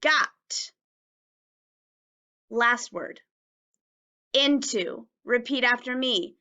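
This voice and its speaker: A woman teaching a phonics lesson to young children, stretching out words and spelling them letter by letter with careful, clear enunciation. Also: mid-range voice, slow, pauses often, pushed and bright.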